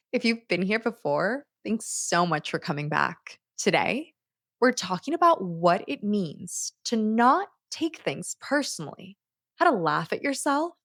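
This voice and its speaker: Woman, podcast host, personal storytelling, laughs at herself, mid pitch, very lively intonation, dry close sound. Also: dry recording. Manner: animated, laughs at herself while telling stories.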